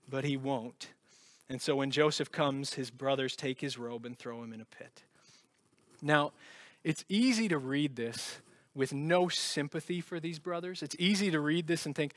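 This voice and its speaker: A pastor preaching a sermon with earnest conviction, moving from loud emphasis to hushed, intense passages. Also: male voice, on the high side, moderate pace, dry recording.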